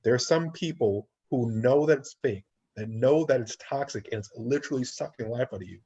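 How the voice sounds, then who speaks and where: A man's voice: mid-range voice, a little fast, mellow, slightly rough. A man co-hosting a casual panel chat, talking in a reflective, philosophical way. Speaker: podcast co-host. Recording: lo-fi online call audio.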